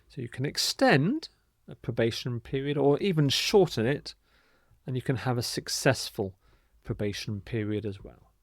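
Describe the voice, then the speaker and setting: A man teaching English vocabulary, speaking clearly and deliberately and modelling the pronunciation and stress of each word. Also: mid-range voice, dry recording, studio quality. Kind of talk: scripted vocabulary lesson.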